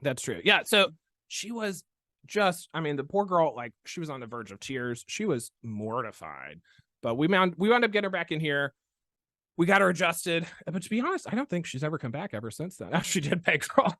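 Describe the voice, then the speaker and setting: Man, podcast host, chatty storyteller, laughs often, swooping pitch, dry close mic. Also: fairly quick, no echo. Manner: animated, playful storyteller who laughs often. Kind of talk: casual podcast chat and storytelling.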